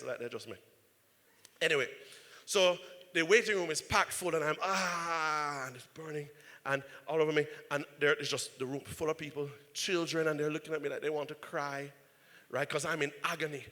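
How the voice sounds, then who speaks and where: A male pastor telling a story in an animated sermon, often checking in with "right?". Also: a little high. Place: church. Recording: reverberant church hall.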